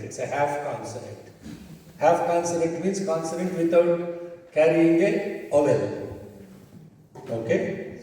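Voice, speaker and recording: A man's voice: on the high side, mellow. A man teaching chanting to a class, patiently explaining and counting syllables aloud. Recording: distant mic in an echoey hall.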